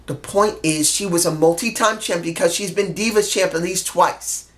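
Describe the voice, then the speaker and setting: A man's voice: high-pitched, moderate pace. Man, vlogger reviewing wrestling: blunt and profane, heated, hammers points home by repeating them. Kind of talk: opinionated solo review rant.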